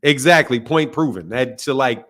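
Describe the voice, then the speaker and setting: A man's voice: medium pitch, normal speed, a bit bright. A man hosting a live boxing call-in show, blunt and profane, teasing his callers and laughing often. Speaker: boxing talk show host. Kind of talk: casual live call-in chat.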